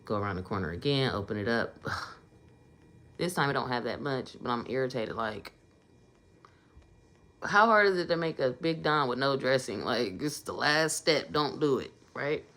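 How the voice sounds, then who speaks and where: A woman's voice: very deep voice, expressive, normal speed, pauses often, fairly bright tone. A woman telling a casual storytime vlog in a conversational way, getting emphatic in her asides.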